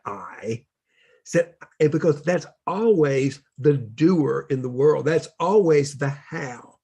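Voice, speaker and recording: Gravelly, earnest man teaching spiritual lessons. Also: a little high, expressive, slow, darkish tone. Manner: earnest, preachy storytelling. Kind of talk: casual workshop conversation.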